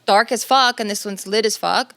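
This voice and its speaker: A woman's voice: medium pitch, normal speed, vocal fry, sharp tone, dry recording. A woman in a casual panel chat, talking in a chatty way full of "like" and loose restarts. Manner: chatty, heavy use of "like".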